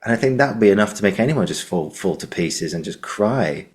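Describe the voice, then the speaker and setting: Very deep-voiced man with a southern English accent. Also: animated, a little fast, darkish tone. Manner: enthusiastic, rambling, filler-heavy. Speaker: podcast host. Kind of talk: podcast interview.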